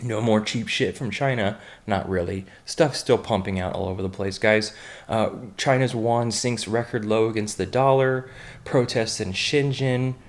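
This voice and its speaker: At a moderate pace and a fairly low pitch, a man from the United States reads the news casually for his daily online roundup. After each headline he adds blunt, offhand commentary, often filling pauses and restarting his sentences.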